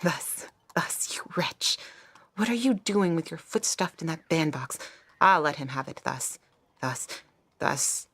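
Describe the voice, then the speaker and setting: A woman's voice: sits low, lively intonation, measured pace, a bit bright, no room sound, heavily acted. A woman playing a vain, scornful young maidservant in a stage play, delivered with haughty mockery. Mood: daydreaming.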